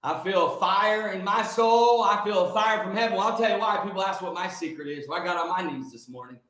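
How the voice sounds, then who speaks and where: A man hosting a live stream like a fervent sermon, shouting and firing rhetorical questions at his viewers. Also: high-pitched, a little fast, echoey room, low-quality recording. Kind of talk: fiery preacher-style live stream.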